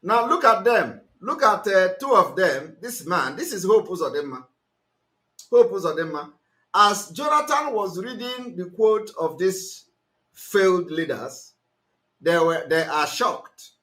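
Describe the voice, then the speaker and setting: A man's voice: sits high, very animated, a little slow. A man giving impassioned, mocking political commentary to his listeners. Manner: forceful, mocking, mixes in pidgin and Igbo. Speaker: activist broadcaster.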